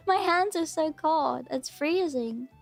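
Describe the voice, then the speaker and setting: A woman's voice: extremely high pitch, very animated, extremely slow, creaky, soft background music. A woman with an Australian accent, chatting casually and rambling on a live stream as a VTuber host. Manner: chatty, rambling, repeats herself.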